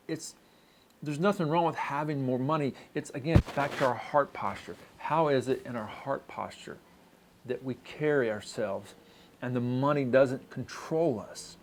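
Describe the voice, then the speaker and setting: A man's voice: medium pitch, brisk. Man preaching a conversational sermon. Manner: conversational preaching with frequent restarts and fillers. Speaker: pastor.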